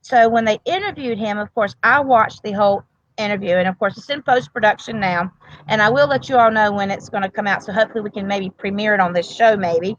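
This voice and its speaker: A woman's voice: medium pitch, brisk, no echo. Earnest grandmother telling a story, lo-fi. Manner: earnest, rambling with restarts. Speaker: grandmother and medical provider, guest. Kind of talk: emotional casual interview talk.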